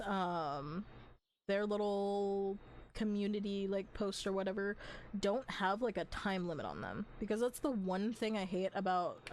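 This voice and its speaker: Young woman streamer, casual chatty gamer talk, slightly hoarse, mid pitch, faint noise under the mic. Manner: chatty, rambling, with frequent likes and small laughs. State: slightly hoarse from long talking. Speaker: game streamer. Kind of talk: casual live-stream chat while playing.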